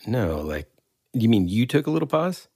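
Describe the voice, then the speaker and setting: A man's voice: mid-range voice, big pitch swings, moderate pace, mellow, slightly rough, dry recording, clean studio sound. A man co-hosting a casual podcast, rambling and searching for words as he teases his partner. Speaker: podcast co-host.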